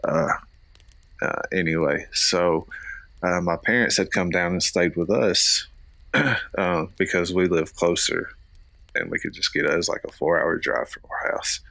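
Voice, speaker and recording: Deep-voiced man telling a family story. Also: measured pace, creaky, bright, forceful tone, dry recording. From Florida, US. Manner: rambling anecdotes with many fillers and restarts. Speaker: podcast co-host. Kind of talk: casual storytelling chat.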